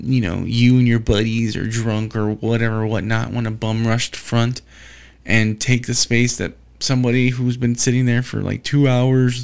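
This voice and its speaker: Gravelly man ranting casually. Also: medium pitch. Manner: profane, exasperated ranting with frequent restarts. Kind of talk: casual rambling monologue.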